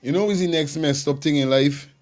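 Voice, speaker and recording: A man's voice: a little high, a little fast, a little mellow, faint music behind. A man giving impassioned online commentary, preachy and emphatic, hammering his point through repetition. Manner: preachy, emphatic, repeats phrases.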